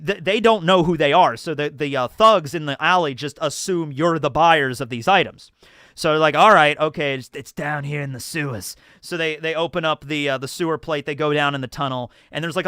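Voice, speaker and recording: A man telling a rambling, animated story about a tabletop game he ran as dungeon master, casually acting out his players' voices on a livestream. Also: fairly high pitch, clean tone, no echo, clean studio sound.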